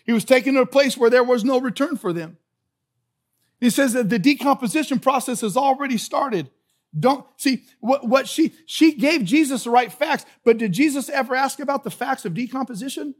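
A male pastor preaching a sermon, animated and joking, moving between quiet remarks and loud hollering. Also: very high voice.

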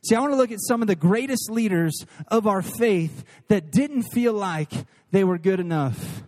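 Earnest, high-voiced man preaching a sermon. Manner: earnest and animated, shifting between quick asides and slow emphatic lines. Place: church service before a crowd.

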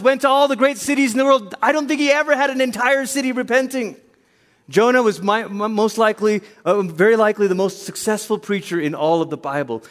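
A male pastor delivers an animated sermon, acting out quotes as he tells the stories. His voice sits high for a man. A long reverb from the church hall trails each phrase.

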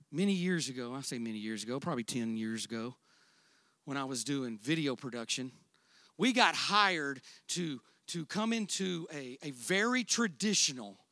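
A man preaching a sermon, swinging between loud, drawn-out emphatic declarations and quiet, conversational storytelling. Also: a little high, no echo, studio quality. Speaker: pastor.

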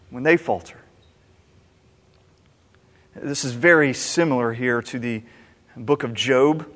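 A man delivers a sermon in a fairly high voice, earnestly probing his own motives through rhetorical questions. His words ring out with a long reverb, as if filling a large church sanctuary. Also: fairly bright tone. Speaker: pastor.

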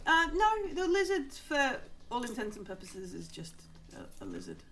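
High-voiced woman running a tabletop game. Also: huge pitch swings, normal speed, fairly bright tone, poor audio. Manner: hesitant, many ums while describing the scene. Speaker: game master.

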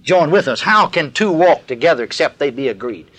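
An older man preaches in a folksy, emphatic way. His voice sits high and bright, with a lively rise and fall. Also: a little fast. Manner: folksy, emphatic, plain-spoken. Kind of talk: sermon leading a call-and-response. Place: large gathering, live recording.

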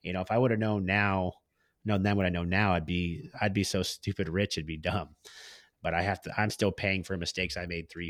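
A man's voice: low voice, no echo, clean studio sound. A man speaking as a podcast guest and business owner. He tells stories in a slangy, candid way and acts out the people he quotes. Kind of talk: casual storytelling in conversation.

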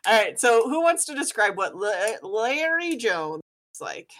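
A woman's voice: on the high side, sing-song, fairly bright tone. A woman running a tabletop role-playing game as game master, narrating with many fillers. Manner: unhurried, many fillers and laughs.

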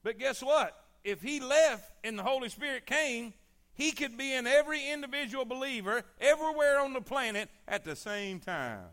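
A man preaches a sermon with a very high, bright voice. He repeats his points emphatically and calls for the congregation to answer. His delivery sounds like a pastor's. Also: expressive, normal speed.

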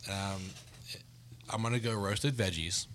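A man hosting a casual podcast, his voice low and often dropping to a mumble. He keeps the votes moving and teases his friends dryly. Faint hiss runs under the recording. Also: a little slow, a bit bright.

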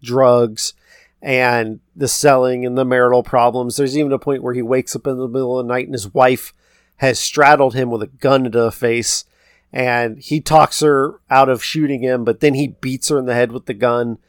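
A man co-hosts a podcast, loosely and ramblingly retelling a film's plot in casual recap chat and quoting the characters' lines. His voice is medium-pitched and steady, at a moderate pace. The studio recording is clean, with no echo.

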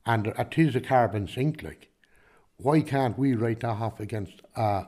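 Man, Kilkenny Irish accent, farmer, rambling chat, middle pitch. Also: measured pace, mellow. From Ireland. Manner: rambling, with many restarts and "do you know what I mean". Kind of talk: casual interview answers.

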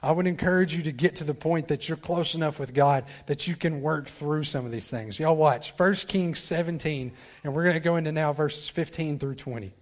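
A man preaching a sermon as a guest preacher. He talks straight to the congregation, swinging from loud pleading down to quiet, low asides. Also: moderate pace. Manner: talks directly to the congregation, asks for responses. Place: church sanctuary.

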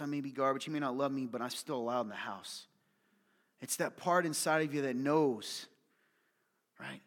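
A man preaching a sermon to his congregation, animated and joking, often asking the room questions. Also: fairly high pitch, long reverb tail. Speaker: pastor. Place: church hall with an audience.

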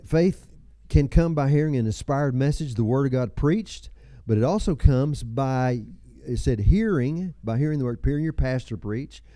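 A man's voice: mid-range voice, mellow, no echo, clean studio sound. A man in his seventies preaching a sermon, with folksy storytelling, chuckles and personal asides. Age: 70s. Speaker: pastor.

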